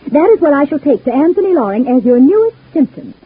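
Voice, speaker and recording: An actress playing a scheming, cruel wife in an old-time radio soap, talking with cold, scornful menace. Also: female voice, sits high, very animated, fast. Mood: menacing. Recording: husky lo-fi old radio broadcast.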